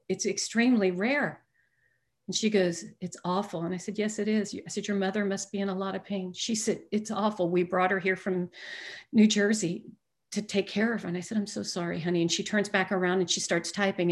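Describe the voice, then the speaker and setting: A woman giving an earnest, emphatic personal testimony at a recovery meeting, stumbling and restarting often and dropping to a hushed voice when retelling conversations. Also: medium pitch. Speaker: sober member sharing at a recovery meeting.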